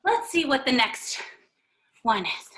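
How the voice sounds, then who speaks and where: A cheerful woman teaches a children's yoga lesson in an echoey room, her very high, bright voice unhurried and sing-song. Animated and encouraging, she greets kids by name and chants in a drawn-out, storybook style.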